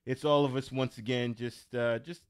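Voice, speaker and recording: A man hosting a sports podcast in casual chat, laid-back and laughing often with quick asides, in a small studio. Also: medium pitch, fairly even intonation, clean tone, no echo. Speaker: podcast host.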